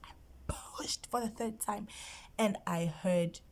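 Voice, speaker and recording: A woman's voice: medium pitch, slow. A South African woman vlogger telling a personal story, emotional and often dropping into a whisper. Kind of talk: storytime vlog.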